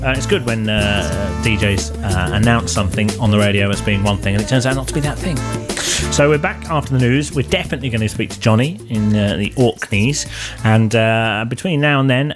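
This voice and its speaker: A man's voice: on the low side, animated, brisk, music in the background. A man presenting a live radio show, chatting in a wry, rambling way with plenty of fillers.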